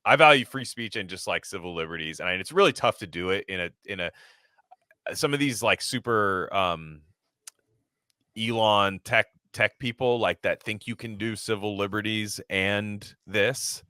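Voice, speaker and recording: A man co-hosting a podcast, talking in a rambling, halting, profane casual chat. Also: on the low side, sharp tone, no room sound, clean studio sound. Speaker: podcast co-host.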